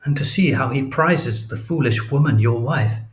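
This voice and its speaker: A man reading the lines of a cunning, scheming male villain in an audiobook, in a calm, insinuating way. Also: medium pitch, moderate pace, natural voice, low-quality recording.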